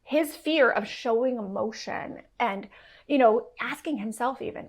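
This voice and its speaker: Animated woman telling a candid story. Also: on the high side, measured pace, breathy edge. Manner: animated, acts out quoted dialogue, many fillers. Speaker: podcast guest.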